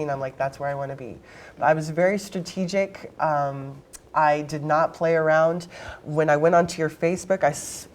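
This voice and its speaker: A woman guest in an interview, telling her life story in a blunt, emphatic, quick way. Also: sits low, a little mellow.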